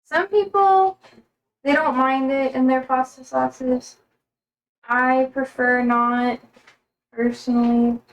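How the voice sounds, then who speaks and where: Woman, American accent, high voice, casual live-stream chat, kitchen, reads chat aloud. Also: steady tone, takes it slowly, pauses often, poor audio. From United States. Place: home kitchen.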